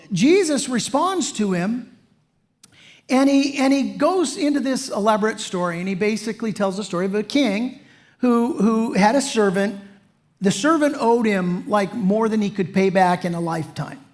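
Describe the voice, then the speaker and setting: A man's voice: high-pitched, expressive, normal speed. Casual preacher guy, chatty sermon, lots of "you know"s. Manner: folksy, conversational, full of "you know". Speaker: pastor.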